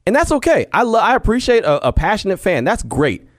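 A man's voice: sits high, sing-song, brisk, no echo, clean studio sound. A man hosting a casual sports podcast from home, talking earnestly with frequent restarts and easy laughs. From Texas. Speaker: podcast host. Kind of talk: casual sports talk monologue. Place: home studio.

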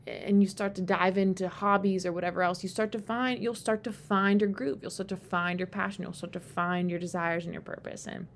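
A woman hosting a solo podcast, talking candidly and rambling, swearing freely and getting animated when she quotes herself. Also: brisk, few pauses. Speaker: podcast host. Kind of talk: casual solo podcast monologue. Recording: faint background rumble.

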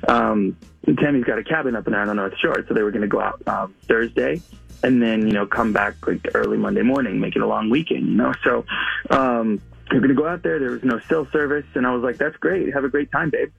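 Male caller, husky and gravelly, hesitant, muffled lo-fi phone line. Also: mid-range voice, fairly quick, soft background music. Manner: hesitant, lots of ums. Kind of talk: telling a personal story on the phone.

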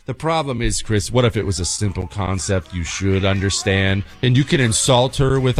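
A man's voice: mid-range voice, normal speed, hardly any pauses, faint music behind. A man hosting a talk radio show, giving joking, mock-serious advice to his listeners.

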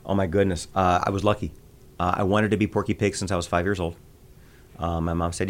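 A low-voiced man from the American Midwest chats in an interview. He tells stories with animated energy and jumps into quick voices now and then. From Midwest United States. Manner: animated storyteller, quick bursts of voices and laughter. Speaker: voice actor guest. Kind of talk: interview conversation.

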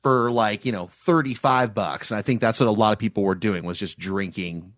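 A man co-hosting a podcast in casual chat, telling stories in a relaxed, drawn-out way. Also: lowish voice, no echo, studio quality. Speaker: podcast co-host.

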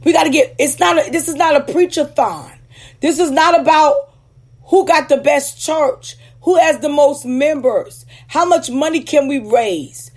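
Woman, high voice, preacher, teaching sermon, emphatic, deliberate stresses. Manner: emphatic, checks in with "Okay?"; slows down to stress key words. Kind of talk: teaching sermon with scripture readings.

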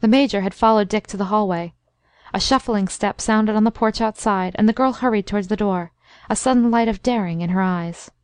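A woman narrating a classic story in a measured, expressive reading. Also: mid-range voice, clean tone, dry recording. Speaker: audiobook narrator. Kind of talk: scripted narration.

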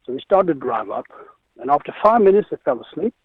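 A man guest musician from Israel telling stories in an interview, animated and acting out the people he quotes. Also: a little high, a little fast, slightly rough, no echo. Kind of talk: storytelling interview. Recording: tinny phone line.

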